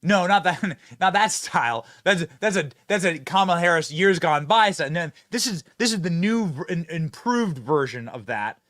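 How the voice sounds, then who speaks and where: A man's voice: on the high side, animated, moderate pace, few pauses, fairly bright tone. A male host giving mocking, sarcastic political commentary.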